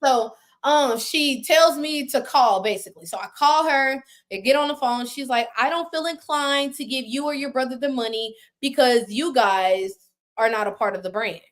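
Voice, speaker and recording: A high-pitched woman telling a long story as a guest on a live video call. She talks casually and animatedly, with plenty of slang and the odd curse, and acts out what others said. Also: moderate pace. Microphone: phone on a live video call.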